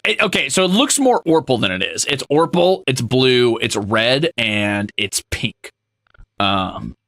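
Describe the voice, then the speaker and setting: A male streamer in casual livestream chat, his voice gravelly and bright-edged, swinging widely up and down in pitch. He is playful and animated, breaking into squeals and mock scolding and swearing casually. The sound is dry and close. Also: no echo.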